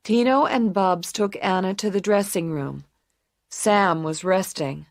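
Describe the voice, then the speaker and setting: A woman narrating a simple story for English learners, clear and deliberate. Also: medium pitch, no room sound, studio quality, a faint crowd. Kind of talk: slow scripted story reading for English learners.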